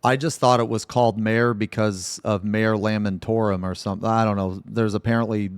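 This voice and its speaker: Excitable, swearing American man, low voice. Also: brisk, smooth, no echo. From United States. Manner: profane, excitable, swears often. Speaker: interviewer, host. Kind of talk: casual video-call interview.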